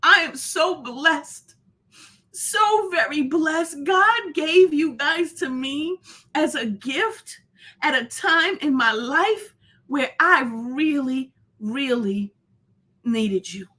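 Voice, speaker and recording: A high, lively woman's voice, bright and ringing. She hosts a live stream in casual chat, greeting viewers one by one and rambling through fillers and restarts at an unhurried pace. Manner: effusive, greets viewers by name. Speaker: host of a live show.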